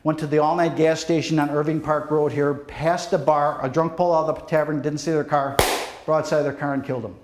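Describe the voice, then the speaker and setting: A man's voice: fairly high pitch, little pitch movement, a little fast, background noise. A middle-aged man, a police deputy chief, giving a safety talk to students, telling dramatic stories straight to the audience. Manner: pleading, drops to near hush at the end. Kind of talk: motivational presentation to students. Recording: echoey hall.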